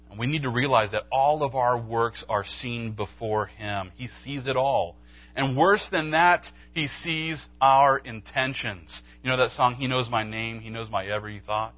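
Guy preaching, lively storyteller, mid-pitched voice, kinda muffled lo-fi church recording. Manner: animated storytelling, acts out dialogue with pitch jumps. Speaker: pastor. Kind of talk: sermon. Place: church sanctuary.

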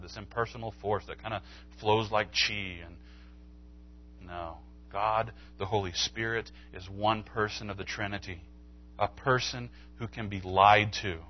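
A man preaching a sermon in church, telling a story and acting out its dialogue. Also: dull audio. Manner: animated storytelling, acts out dialogue with pitch jumps. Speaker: pastor. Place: church sanctuary.

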